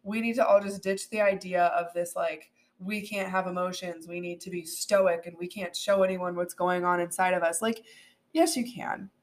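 A woman hosting a solo podcast, earnest and animated, with plenty of "like" and "um". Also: fairly low pitch, moderate pace. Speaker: podcast host.

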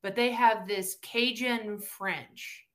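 This woman talks slowly, her voice sitting in the mid range. She's a podcast guest from Tennessee with a Southern accent, chatting casually and bringing her stories to life by acting out what people said.

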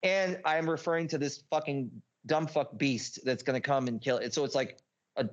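A man telling a story as a podcast guest, rambling and excitable, swearing a lot and packing his talk with filler words. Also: medium pitch, moderate pace, highs cut off. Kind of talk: casual storytelling.

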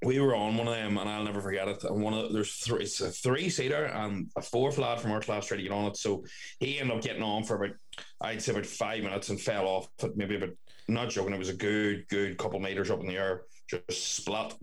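Rambling man, lowish voice. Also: steady tone, fairly quick, rough recording. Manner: rambling, filler-heavy talk. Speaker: podcast co-host, former firefighter. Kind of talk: casual podcast chat.

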